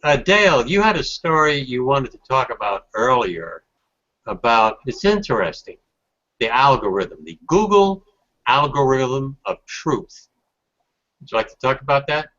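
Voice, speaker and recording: A man hosting a casual video hangout, his voice bright and forward. He talks things through with lots of hedges and pauses, and the call audio sounds a bit muffled. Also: mid-range voice, animated. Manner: thoughtful, hedging with maybes. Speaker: host. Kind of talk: casual panel chat.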